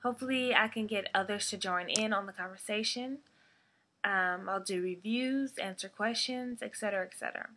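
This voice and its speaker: A woman's voice: mid-range voice, moderate pace, sharp tone. A young adult woman hosting her own podcast, talking casually and chattily, swearing now and then and laughing often. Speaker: podcast host. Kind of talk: casual solo podcast talk.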